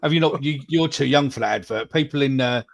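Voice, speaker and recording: A man's voice: medium pitch, fast, creaky. A man co-hosting a live football podcast, talking bluntly and swearing freely. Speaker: podcast co-host. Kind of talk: casual live-stream chat.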